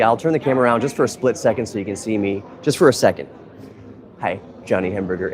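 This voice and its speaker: A man hosting a casual live stream for a museum, thinking aloud in an easygoing, rambling way. He is speaking into a phone camera in an indoor museum hall with members of the public nearby. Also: fairly low pitch. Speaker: museum content creator and live stream host.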